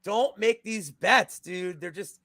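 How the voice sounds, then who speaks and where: A man co-hosting a casual betting podcast, telling animated, profane stories. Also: sits high, slow pace, no echo, studio quality. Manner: animated, profane storytelling with acted-out quotes. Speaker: podcast co-host.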